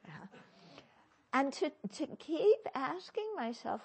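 A woman teaching as a Buddhist teacher in a dharma talk, questioning her listeners with gentle humor. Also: high-pitched, animated, slow.

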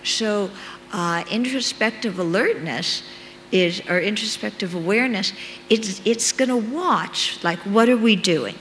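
Woman, meditation teacher, unhurried dharma talk, long hall reverb, faint hum. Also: medium pitch, a bit bright. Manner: unhurried, checks in with listeners with "okay?".

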